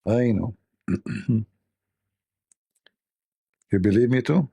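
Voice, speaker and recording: A man hosting a casual livestream, his voice gravelly and husky. He rambles along in a mocking, sarcastic way, and his tone stays dark and low-lit. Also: very slow. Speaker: livestream host.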